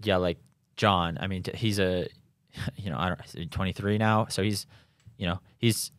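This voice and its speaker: Speaking from his home in Boulder, a young pro triathlete chats loosely in a conversational interview, restarting sentences, leaning on fillers and chuckling at his own tales. His voice is low and a bit bright, with a steady tone and moderate pace. The sound is clean and dry.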